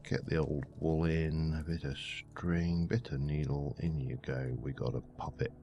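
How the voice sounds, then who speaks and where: A man's voice: rumbling low, steady tone, unhurried, warm tone, muffled recording. A man giving rambling, muttering commentary while playing a game. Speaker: let's play host. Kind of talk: casual gameplay commentary. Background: faint background music.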